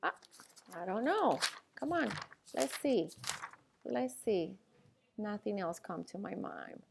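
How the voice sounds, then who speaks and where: A woman's voice: medium pitch, big pitch swings, gravelly, darkish tone, a little hiss or hum. Patient woman teaching, checking in often. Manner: explains slowly with frequent "okay?" and "all right?" checks. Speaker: Spanish teacher. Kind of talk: classroom lecture.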